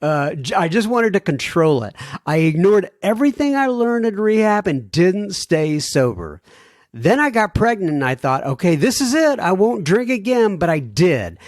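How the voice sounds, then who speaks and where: A man hosting a podcast, his voice fairly high for a man and swinging up and down as he talks. He chats casually and animatedly, chuckling through his stories and letters. The close, dry mic gives no sense of a room. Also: moderate pace, no echo. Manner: animated, chuckling, mock-pleading. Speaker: podcast host. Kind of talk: casual storytelling and reading listener mail.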